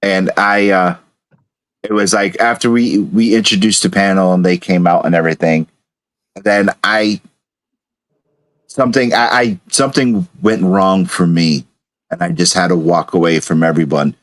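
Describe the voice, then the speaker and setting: A man's voice: deep voice, moderate pace. A man co-hosting a casual chat show, rambling through his stories with stumbling restarts. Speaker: co-host.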